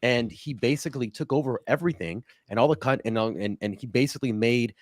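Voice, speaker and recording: A man of Cuban family hosting a casual political talk stream, blunt and quick, with frequent restarts. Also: mid-range voice, dry recording. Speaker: host.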